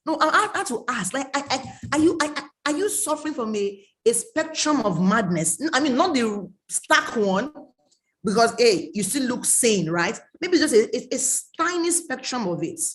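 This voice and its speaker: A woman's voice: a little high, sing-song, normal speed, fairly bright tone. A woman, giving an emphatic online coaching talk, scolding and repeating her warnings. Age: late 30s. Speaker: mentoring coach.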